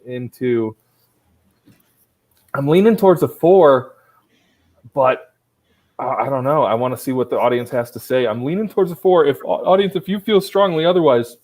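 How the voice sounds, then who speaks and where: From home on a laptop, a man hosts and judges an online improv competition, his voice on the high side and a little mellow, on a rough recording. His comedic emceeing is loose and rambling, and he teases the players with mock-strict rulings.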